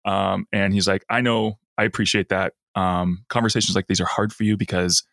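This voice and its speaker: Man, podcast co-host, low voice, dry close sound, animated retelling. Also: fairly quick, creaky, no echo. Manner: animated retelling, acting out lines in a raised voice. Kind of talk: casual chat recapping an episode.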